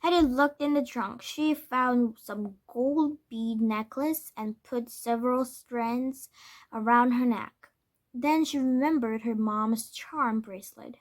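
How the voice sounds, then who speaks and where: Woman, children's book read-aloud, high voice, slow, careful. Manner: careful, with small self-corrections. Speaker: storybook reader.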